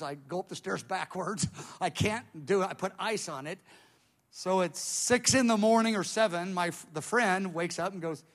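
A man with a fairly high-set voice tells a dramatic spoken testimony from the pulpit. He is animated, his volume swells and sinks, and he often restarts his phrases. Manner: animated storyteller, volume rising and dropping, many restarts.

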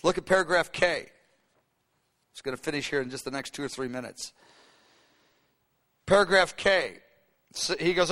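A man preaching a sermon as pastor, animated, acting out the voices of Bible figures. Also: fairly high pitch, normal speed, long pauses. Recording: long hall reverb.

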